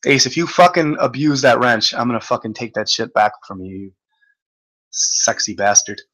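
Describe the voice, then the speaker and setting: A man's voice: medium pitch, expressive, normal speed, a bit bright, poor audio. A man hosting a casual livestream, rambling and joking, swearing often and laughing as he reads out chat comments.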